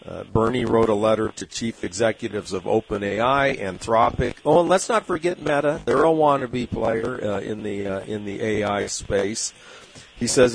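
A man's voice: on the low side, moderate pace, creaky, poor audio. A man from Southern California with a San Diego accent, hosting a financial radio show in a rambling way with many fillers and chuckles.

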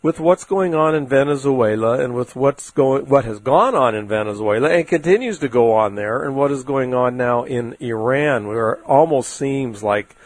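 A man's voice: mid-range voice, expressive, normal speed, few pauses, no room sound. A man hosting an investment talk show, giving casual market commentary in a rambling, folksy way with many fillers.

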